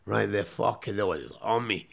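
A man's voice: lowish voice, moderate pace, gravelly, slight background noise. A man telling a story in casual, profane chat, tagging his sentences with "yeah?". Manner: swears constantly, tags lines with "yeah?".

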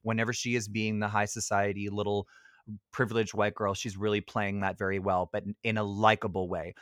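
A man's voice: lowish voice, little pitch movement, fairly quick, a bit bright, no room sound, clean studio sound. A young man hosting a podcast in casual chat, rambling with lots of fillers and self-corrections and laughing often. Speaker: podcast host.

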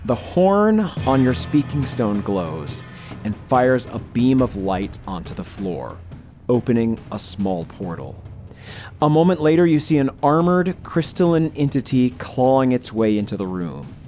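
A man narrating a tabletop game as game master, in a slow, dramatic manner. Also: medium pitch, sing-song, warm tone, soft background music.

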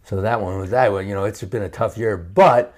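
A man guesting as an actor in a casual interview, telling stories quickly and acting out what others said. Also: fairly low pitch. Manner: fast, animated storytelling with quoted voices.

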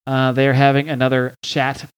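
A man's voice: medium pitch, completely flat delivery, moderate pace, clean tone. A man hosting a podcast, casually recapping a comic book with lots of fillers and restarts. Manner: recaps a comic with frequent fillers, reads dialogue aloud. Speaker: podcast host.

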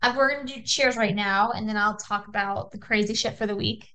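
A young adult woman co-hosting a podcast, telling a story in casual chat, animated and swearing freely as she acts out quoted texts. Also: medium pitch, brisk, rough recording. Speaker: podcast co-host.

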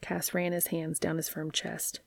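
A woman reading a story aloud in a soft, half-whispered voice. Her voice is low and creaky, and it sounds dry and close to the mic. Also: completely flat delivery, a little slow, dry recording. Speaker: reader.

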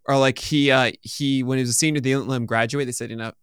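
A man hosting a casual chat, telling stories in a relaxed, rambling way. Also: mid-range voice, fast talker, smooth, dry recording, clean studio sound. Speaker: host.

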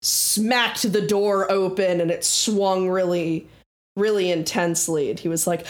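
A woman's voice: fairly low pitch, fairly even intonation, a little slow. A woman who is the game master, chattily narrating a scene in a tabletop game. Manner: chatty, descriptive, with fillers and restarts.

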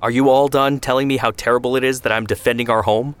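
A man's voice: medium pitch, steady tone, fast, smooth, pitched above the performer's own voice, close to an everyday voice. A man voicing a hot-headed twenty-year-old who is defiant and sarcastic, in a read story. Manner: sarcastic, defensive.

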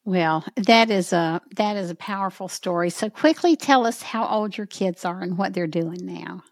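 A woman's voice: mid-range voice, normal speed, no echo. A woman hosting a podcast interview, asking questions in a friendly, encouraging way. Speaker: podcast host.

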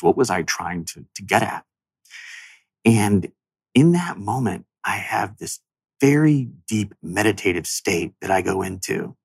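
Husky low-voiced guy, earnest and reflective, telling his story in an interview, dry close sound. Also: no room sound. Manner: earnest, reflective, voice rising with emotion. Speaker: interview guest, author. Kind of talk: emotional personal storytelling.

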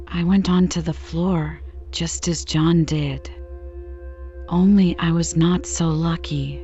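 A woman reads a bedtime story very slowly in a low, mellow voice. Her delivery is calm and soothing, meant to lull listeners to sleep. The recording sounds a little dull, with faint singing bowl music underneath. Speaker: podcast narrator.

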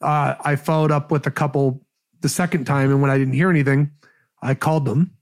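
A man talking as a podcast guest, giving casual sales advice in an energetic, rambling way. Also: a little high, fairly quick.

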